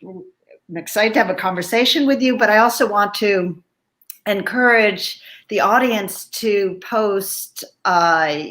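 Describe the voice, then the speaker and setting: A woman hosting a virtual book reading over a video call, speaking haltingly with many fillers. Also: medium pitch, a bit bright. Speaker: event host.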